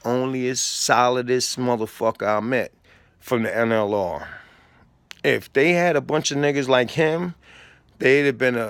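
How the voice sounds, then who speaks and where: A man's voice: mid-range voice, creaky, no echo. A man telling a story in a profane, streetwise way, acting out the back-and-forth of quoted exchanges. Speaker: storyteller recounting prison time. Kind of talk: casual storytelling.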